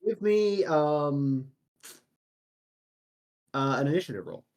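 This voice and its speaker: A man narrating as dungeon master, unhurried and laughing easily, with fillers between descriptions. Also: fairly high pitch, animated, a little mellow. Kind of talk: narrating a tabletop game.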